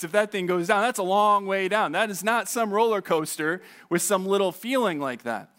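A man preaching a sermon as pastor, conversational and animated, often asking his listeners questions and dropping low and quiet on key points. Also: normal speed, few pauses.

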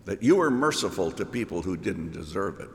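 A man's voice: low voice, big pitch swings, fairly quick, pitched below the performer's own voice. A man preaching a sermon voices a resentful prophet who complains sullenly and wishes to die. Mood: indignant. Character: Jonah, sulking resentful grown male prophet. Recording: reverberant hall.

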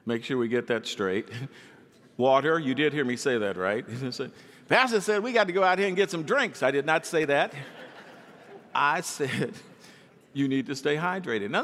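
Preaching man in an echoing hall. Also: mid-range voice. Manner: animated preaching, acts out quoted voices. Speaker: pastor. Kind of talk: sermon.

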